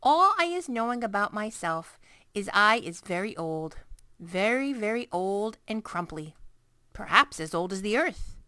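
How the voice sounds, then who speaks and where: A huge, gentle old giant, as a woman puts him on, his words drawn out loud and slow and tumbling into mixed-up grammar. The voice is bright and lively, swinging up and down, and sits close and dry with no room around it. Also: no echo. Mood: wistful. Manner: booming, drawn-out, jumbled grammar. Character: big friendly old male giant, kindly, muddled speech.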